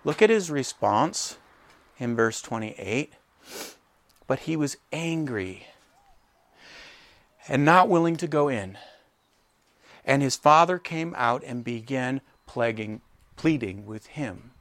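Animated male preacher, dry sound. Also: mid-range voice, slow, pauses often, dry recording. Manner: animated, acts out characters in quoted voices. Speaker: pastor. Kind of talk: sermon.

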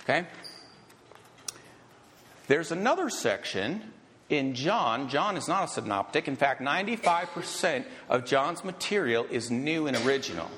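A male pastor delivers a sermon in a loose, chatty way, drifting into asides and building excitement. His voice sits a little high for a man and swings widely in pitch. Long reverb from a large church hall trails his words. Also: measured pace, slight background noise. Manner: conversational and rambling, growing excited.

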